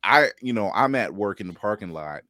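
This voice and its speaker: A middle-aged man hosting a casual podcast chat, animated and laughing, acting out quotes in playful voices. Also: fairly low pitch, fairly quick, no echo, clean studio sound. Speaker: podcast host.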